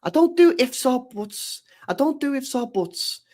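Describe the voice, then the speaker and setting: A man putting on a high, indignant voice of a football pundit who insists on absolutes and repeats himself. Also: sing-song, measured pace, dark tone, heavily acted.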